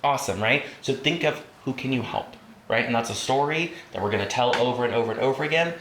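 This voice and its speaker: A fast-talking man with a mid-range, slightly bright voice leads a training class for realtors in a training room. He tells stories and acts out the voices of the people in them, recorded in a roomy space with faint noise.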